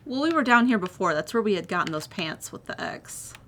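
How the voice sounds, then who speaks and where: A woman's voice: medium pitch, sing-song, a little fast, fairly bright tone, slight background noise. A woman chatting casually while playing a video game, a little away from the microphone, playful in tone. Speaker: co-player. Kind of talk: casual gameplay chat.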